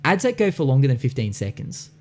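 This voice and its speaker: Animated guy who swears a lot. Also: mid-range voice, quick pace. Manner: swears often, animated, slips into mocking quoted voices. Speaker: podcast host. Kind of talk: casual chat.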